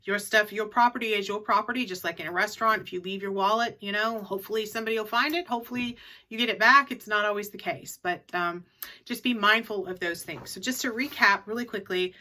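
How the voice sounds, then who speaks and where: A woman's voice: medium pitch, quick pace, sharp tone. A middle-aged woman in a casual advice vlog, chatty and repeating her key tips for emphasis. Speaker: reseller vlogger.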